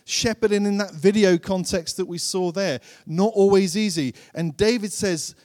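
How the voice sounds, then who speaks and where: A man preaching a sermon in an earnest way, repeating phrases for emphasis and slowing down to stress key lines. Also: high-pitched, darkish tone. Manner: slows and drops his voice to stress key lines. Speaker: pastor.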